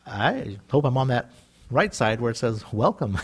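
A man preaching a sermon in a lively, animated way, acting out quoted voices and laughing often. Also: medium pitch, moderate pace, slightly rough. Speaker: pastor.

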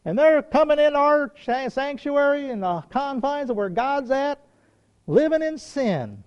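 A man's voice: extremely high pitch, big pitch swings, a little slow, a little mellow, voice pushed up, full character voice. A man voicing a stern, demanding male church board member, on a dull lo-fi recording. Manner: demanding, insistent.

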